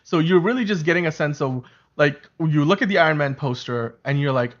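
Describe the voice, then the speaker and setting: A man hosting a casual fan podcast, talking in a rambling, animated way with lots of fillers and restarts. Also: a little high, brisk, lo-fi sound. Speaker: show host.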